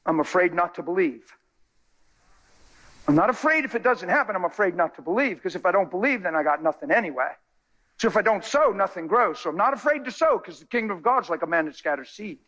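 A male preacher tells a story to his congregation with a high, husky voice. He is excitable, leaping into loud, high bursts and then dropping to low, quiet asides. His delivery is lively and unscripted, the loose storytelling of a sermon. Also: quick pace. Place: church.

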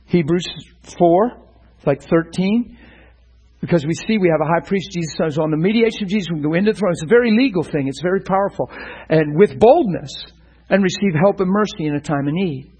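Brief: middle-aged male preacher, husky, fairly high voice, earnest and animated. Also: fairly quick, muffled recording. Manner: earnest, animated, with stumbles and repeated words. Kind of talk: sermon-style teaching.

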